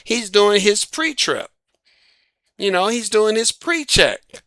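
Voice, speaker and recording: A man's voice: high-pitched, big pitch swings, slow pace, bright, forceful tone, no room sound, studio quality. A man giving dating advice in a folksy, emphatic casual monologue. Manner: folksy, emphatic, laughs at own jokes.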